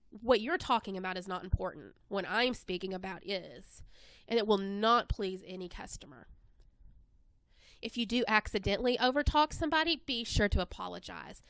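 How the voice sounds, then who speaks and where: A woman presenting an instructional webinar in an even, scripted narration. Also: medium pitch, no echo.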